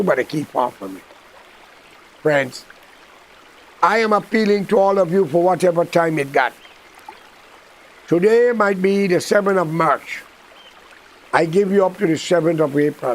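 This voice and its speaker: A man with a Guyanese accent gives a rambling, impassioned political monologue, blunt and preachy. His voice sits high for a man, with a gravelly creak running through it. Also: rough recording.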